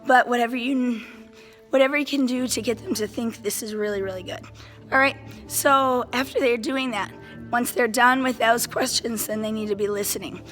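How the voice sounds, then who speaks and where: A woman band director explaining classroom routines to other teachers in an animated way, often checking in with "right?" She says she is a little sick. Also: a little high. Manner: animated, enthusiastic, keeps checking in with "right?" and "okay?". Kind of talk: casual how-to lesson to camera. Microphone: handheld phone.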